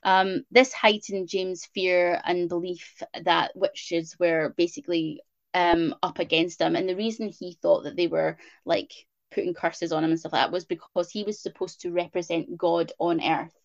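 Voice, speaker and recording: A woman's voice: lowish voice, steady tone, moderate pace, vocal fry, dry recording, dull audio. A woman with a Scottish accent co-hosting a casual history podcast, chatty with lots of filler words. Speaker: podcast co-host.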